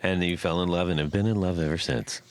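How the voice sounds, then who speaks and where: A man hosting a podcast, chatting in a relaxed, joking way and trailing off into filler phrases. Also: low voice, quick pace, dry recording. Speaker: podcast host. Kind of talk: casual podcast interview.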